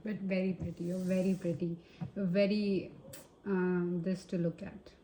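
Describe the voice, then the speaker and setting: Indian-accented woman tarot reader, slow and hesitant, mellow tone, roomy recording. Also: fairly low pitch, little pitch movement, a little hiss or hum. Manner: hesitant, searching for words with many fillers. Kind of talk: casual tarot reading to camera. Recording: roomy echo.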